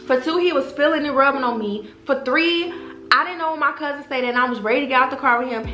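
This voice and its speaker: Young woman, high bright voice, animated storytime, roomy echo, faint music behind. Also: fast talker. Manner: animated, profane, addresses viewers as y'all. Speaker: vlogger. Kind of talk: casual storytime.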